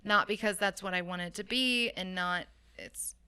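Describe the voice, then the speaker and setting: A woman's voice: mid-range voice, measured pace, bright, forceful tone, smooth. A woman in her thirties from the San Francisco Bay Area, telling her story as a guest in a casual interview, candid and chatty with frequent laughs and fillers. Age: 30s. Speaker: guest fashion designer.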